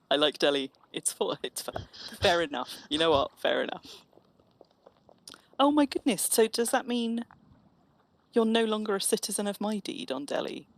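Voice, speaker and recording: A woman's voice: medium pitch, lively intonation, unhurried, long pauses. A woman chatting casually and teasingly while streaming an online game. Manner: chatty, teasing, restarts phrases. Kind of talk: casual gaming chat.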